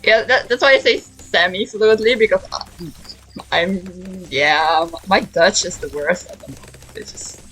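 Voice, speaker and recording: A woman's voice: mid-range voice, lively intonation, moderate pace, fairly bright tone, poor audio. Chatty giggly young woman streamer. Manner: chatty, giggly, repeats words while thinking. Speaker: streamer playing a video game. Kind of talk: casual gaming stream chat. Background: faint game music.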